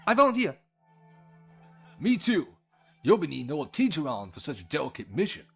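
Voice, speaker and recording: A dubber putting on a loud, boastful young brawler for a fan dub. Lively and swaggering, with faint music behind. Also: mid-range voice, moderate pace, gravelly, husky, heavily acted. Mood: eager. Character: brash boastful young man fighter.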